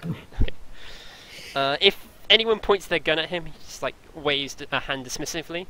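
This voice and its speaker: A man narrating a tabletop game as game master, pausing and filling gaps as he describes each scene. His voice is bright and a little high. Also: slight background noise, poor audio. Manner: halting, with many fillers.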